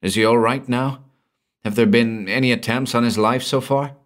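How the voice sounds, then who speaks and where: A man's voice: mid-range voice, steady tone, moderate pace, pitched above the performer's own voice, natural voice. Man voicing a snappish, alarmed young man. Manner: snappish, urgent questioning. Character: brash young man, quick to anger and alarm.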